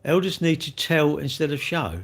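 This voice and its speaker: A man's voice: on the high side, animated, moderate pace, husky. An English man chatting on a live stream, rambling and blunt as he answers viewers in a slangy way.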